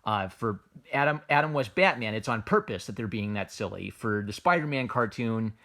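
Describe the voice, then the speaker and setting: Here the manga reviewer's voice is lowish, fairly bright and animated, at a normal pace. Amused and rambling, he reviews casually without a script, restarting sentences often and using lots of "like" and "uh."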